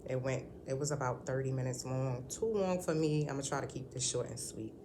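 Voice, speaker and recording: Woman, very low voice, casual home vlog, rambling, candid, frequent ums, faint noise behind. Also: brisk. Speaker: vlogger. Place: at home indoors.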